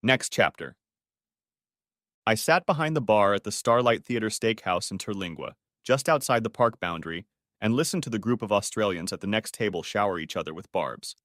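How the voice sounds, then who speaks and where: A man reading a first-person story audiobook as narrator, with steady storytelling. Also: on the low side, moderate pace, no echo, studio quality.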